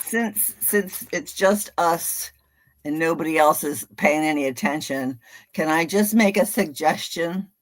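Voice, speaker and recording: A playful woman co-hosts a casual livestream and giggles between her lines. Her voice is a little lower than most, and she patiently walks her partner through each step. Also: a little slow. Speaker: co-host of reading stream.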